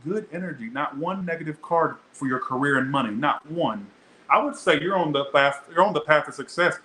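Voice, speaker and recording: A young man gives a casual tarot reading in a bright, forceful voice, talking straight to his viewers. He is chatty, blunt and swears a lot. The sound is echoey, with a faint hiss of room noise. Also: a little high, expressive, fairly quick. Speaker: tarot reader.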